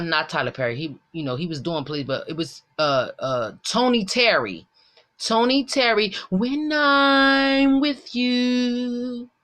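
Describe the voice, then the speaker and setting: A man's voice: fairly high pitch, pushed and bright. A middle-aged man from the Philadelphia area, chatting casually and earnestly while eating, rambling through a story with asides. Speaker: mukbang vlogger.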